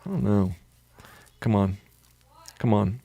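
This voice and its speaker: Gravelly-voiced man thinking aloud. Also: lowish voice, lively intonation, slow pace, mellow, dry recording. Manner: thinks aloud, hesitant, says "dude" a lot. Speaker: co-host trading live. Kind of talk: casual live-stream chat.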